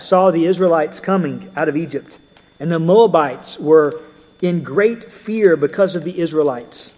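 A man with a somewhat high, husky voice preaching a sermon. He keeps it conversational and mixes in everyday stories. A long reverb of a large hall hangs on every word. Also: darkish tone. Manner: conversational, storytelling asides with occasional fillers.

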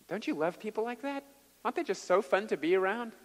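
A man preaching a sermon, telling stories with an animated delivery and sudden bursts of volume. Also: sits high, fast talker, big-room sound. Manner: animated storyteller with dramatic volume swings. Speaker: pastor.

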